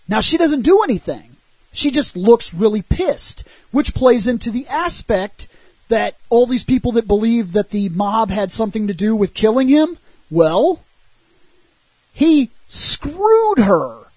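A man on a podcast, casually and animatedly recounting a movie's plot and arguing for it, with a husky voice and loose swearing. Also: very high voice, unhurried, no room sound, rough recording. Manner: animated retelling with frequent swearing. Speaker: podcast co-host reviewing a film. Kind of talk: casual film discussion.

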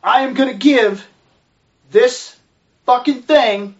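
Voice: medium pitch, slow pace. Sarcastic, swearing movie reviewer. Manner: sarcastic, exasperated, heavy swearing. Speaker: film and book reviewer. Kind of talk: profane ranting review. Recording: distant, dull lo-fi recording.

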